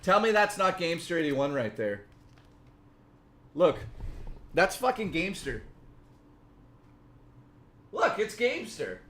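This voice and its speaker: A man's voice: on the high side, very animated, a little slow, pauses often, a bit bright. A man hosting a casual livestream, chatting and joking with frequent swearing while he builds a model, talking into a desk microphone. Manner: joking, profane and rambling. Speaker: livestream host.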